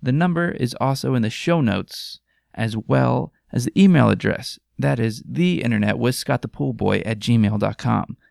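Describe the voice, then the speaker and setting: A man's voice: mid-range voice, normal speed, gravelly, darkish tone, no room sound, clean studio sound. A man hosting a podcast in casual chat, rambling, jokey and crude. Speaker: podcast host.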